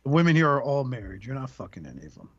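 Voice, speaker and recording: A man's voice: mid-range voice, very animated, racing, husky, dry recording. A man hosting a podcast, chatting casually in a joking, profane, storytelling manner. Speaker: podcast host. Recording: muffled lo-fi audio.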